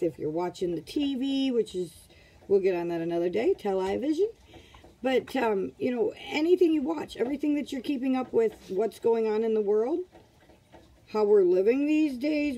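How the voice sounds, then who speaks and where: Husky woman preaching to her viewers. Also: medium pitch, dark tone, rough recording. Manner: preachy, repetitive rhetorical questions. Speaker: vlogger, motivational group leader. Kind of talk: casual motivational monologue. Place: home.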